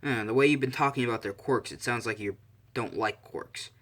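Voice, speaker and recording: A man's voice: mid-range voice, brisk, a bit bright, lightly acted. A man voicing a laid-back male teacher. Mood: curious. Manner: questioning, offhand.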